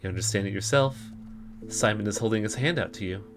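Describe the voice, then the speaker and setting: A man reading the lines of a gentle, enigmatic young woman with a soft, coaxing delivery. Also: fairly low pitch, fast, slight background noise, close to an everyday voice. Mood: musing.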